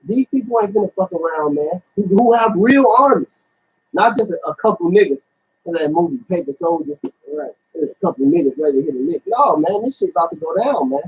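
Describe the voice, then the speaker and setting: A man's voice: high voice, expressive, a little fast, husky. A man talking emphatically and profanely, repeating his words, in a casual religious discussion. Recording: dull lo-fi recording.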